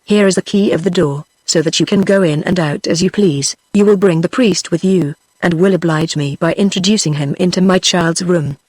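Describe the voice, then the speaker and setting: A text-to-speech woman's voice with a British accent, reading a classic novel aloud in an even, measured way. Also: on the low side, no echo. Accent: British English. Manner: even, measured reading of dialogue and narration alike. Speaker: narrator. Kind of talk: synthetic audiobook narration.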